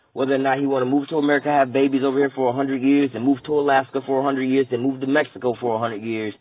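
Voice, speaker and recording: A man's voice: mid-range voice, breathy edge, no room sound. A man teaching scripture in a blunt, casual, profane style, rambling and checking in with his listeners again and again. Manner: blunt, profane, rambling, asks "all right?" often. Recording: tinny phone-like recording.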